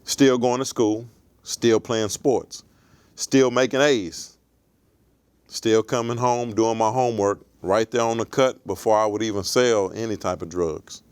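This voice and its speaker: Low-voiced man telling his life story. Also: steady tone, smooth, dry recording. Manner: reflective, measured storytelling. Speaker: interview guest. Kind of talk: storytelling in an interview.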